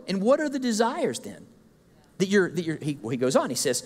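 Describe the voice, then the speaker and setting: Male preacher, high-pitched and animated, jokey, lively sermon delivery, church hall reverb. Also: fast. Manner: animated, jokey, acts out listeners' complaints. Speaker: guest speaker. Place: church sanctuary.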